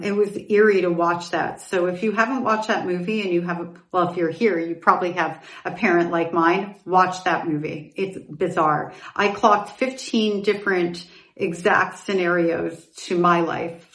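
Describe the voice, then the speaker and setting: A woman's voice: fairly low pitch, fairly bright tone, roomy sound, distant mic. A middle-aged woman hosting a podcast, telling a personal story in a candid, reflective way with asides and self-corrections. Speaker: podcast host.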